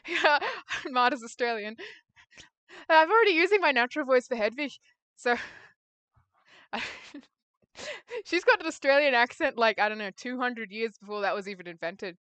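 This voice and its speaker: A woman's voice: fairly high pitch, lively intonation, normal speed, long pauses, fairly bright tone, clear, resonant tone, no echo. A woman streamer reading a visual novel aloud, making giggly, chatty asides between lines.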